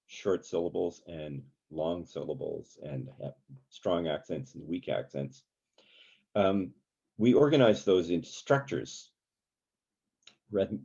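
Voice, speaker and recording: A man's voice: low-pitched, gravelly, mellow, husky. A man leading an informal songwriting workshop, talking casually with many fillers and breaking into sung examples. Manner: chatty, many fillers, sings and hums examples. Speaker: songwriting teacher. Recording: dull lo-fi sound.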